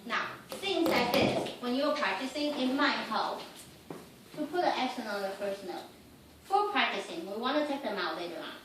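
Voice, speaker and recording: A woman's voice: on the high side, animated, moderate pace, recorded from a distance, noisy background. Woman piano teacher singing rhythms in an echoey room. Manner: sings rhythms and counts aloud with syllables; encouraging, gives short commands while the student plays. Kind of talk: one-on-one piano lesson coaching.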